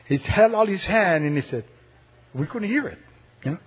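Husky preacher man with dramatic swings. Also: sits high, expressive, highs cut off. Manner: dramatic swings from loud exclamations to hushed, slow prayer. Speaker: pastor. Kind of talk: sermon.

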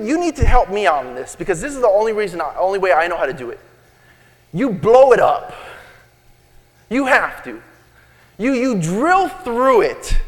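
A man preaching a sermon as pastor, telling jokes and asking the crowd questions. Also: sits high. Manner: storytelling, joking, asks the crowd questions. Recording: echoey hall.

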